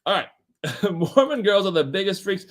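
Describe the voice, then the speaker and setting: A man's voice: high-pitched, lively intonation, normal speed. A man in his forties, hosting a casual live stream and jokingly reading viewer comments aloud. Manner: joking, reads comments aloud in mock-dramatic voices.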